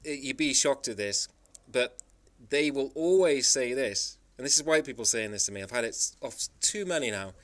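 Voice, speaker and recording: A man's voice: mid-range voice, expressive, moderate pace, hardly any pauses, a bit bright. A man from the Isle of Man telling travel stories in a rambling, emphatic monologue. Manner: rambling, emphatic storytelling with frequent restarts. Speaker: travel vlogger. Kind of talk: casual monologue.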